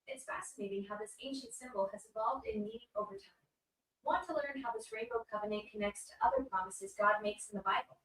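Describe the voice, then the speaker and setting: A woman's synthetic voice assistant reading out an even, informative answer. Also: high-pitched, fairly quick, gravelly, echoey room, far from the mic, low-quality recording.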